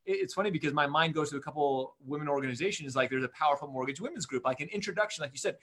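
A man co-hosting a podcast, excitable and fast, with lots of "like" in his talk. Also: a little high. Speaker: podcast co-host. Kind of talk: casual chat.

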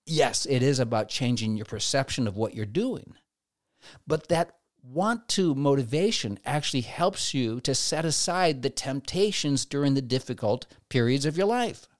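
A man's voice: medium pitch, expressive, normal speed, no room sound, clean studio sound. A man giving a conversational devotional talk, now and then acting out quoted inner voices. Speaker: preacher.

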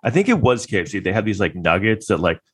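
A man's voice: lowish voice, sing-song, fast, husky. A man giving casual, rambling commentary, full of filler words and sarcastic asides. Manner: sarcastic, incredulous. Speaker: vlogger giving trial commentary.

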